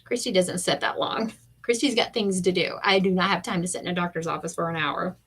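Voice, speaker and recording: A woman's voice: lowish voice, brisk, breathy edge. A middle-aged woman, chatting casually and acting out quotes while crafting on a live stream. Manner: animated storyteller, acts out quotes.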